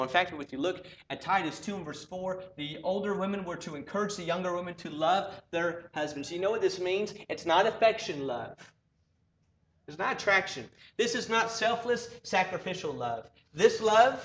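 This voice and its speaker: A man's voice: mid-range voice, slight background noise. Earnest preacher man in a roomy church. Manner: earnest, urging, with repeated rhetorical questions. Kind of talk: sermon.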